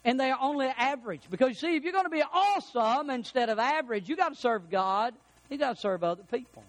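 A man's voice: very high-pitched, lively intonation, fast, poor audio. A middle-aged man preaching a sermon in a folksy storytelling way, building to emphatic peaks. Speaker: pastor.

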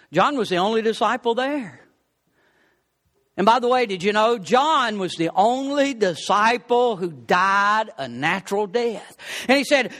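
A man preaching a sermon, swinging between rising exclamations and low, quiet asides. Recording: long hall reverb.

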